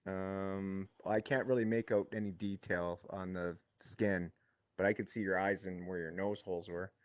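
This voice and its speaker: A man with a low voice answers in brief, halting bits, often starting over. He joins a casual debate over a video call. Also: steady tone.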